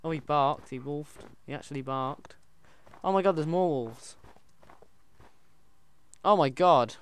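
A man giving casual, excitable commentary while playing a game, chatting to his in-game pet wolf. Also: a little high, slow. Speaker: gaming channel host. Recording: loud background noise.

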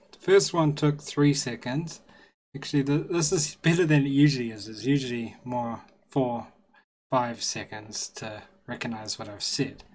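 A man talking casually while demonstrating software on his computer, thinking aloud in a relaxed, chatty way. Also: mid-range voice. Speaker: tech vlogger. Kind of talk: casual screen-recorded tech demo.

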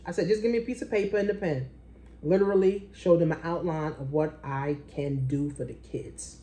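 A woman, a business coach, telling a story in a casual way. She swears freely and jumps into a high, excited voice when she quotes people. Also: brisk.

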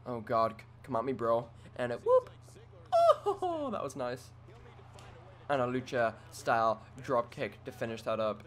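A man giving excitable let's play commentary, trash-talking his opponent and swinging between quiet mutters and sudden yells. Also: mid-range voice, a little slow. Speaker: gaming commentator.

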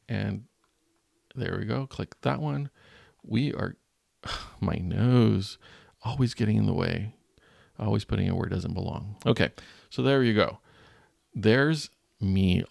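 A low, heavily gravelly male voice, recorded close and dry. He is a teacher walking viewers through a design tutorial, cracking self-mocking jokes as he works. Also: darkish tone, dry recording. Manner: jokey, self-deprecating, thinking aloud. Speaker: teacher and channel host.

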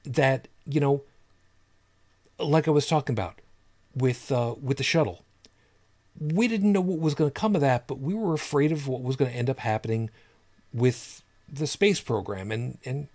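Podcast cohost dude, average pitch, rambly, keeps repeating himself. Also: male voice, normal speed, darkish tone. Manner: rambling, repeats words while searching for them. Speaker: podcast co-host. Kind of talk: casual chat.

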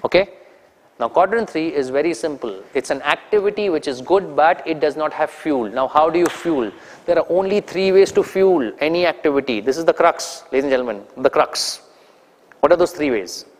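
A man with an Indian English accent giving an animated, teasing training talk to an audience, throwing questions at them. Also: a little high, fairly quick, in a large hall. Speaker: corporate trainer.

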